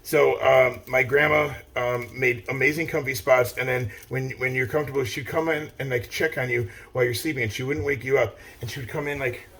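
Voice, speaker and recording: Standing still outdoors, a middle-aged vlogger rambles casually to his viewers in a medium, steady, fairly bright voice, fairly quick with few pauses. He swears heavily, restarts often and fills his talk with "like" and "uh".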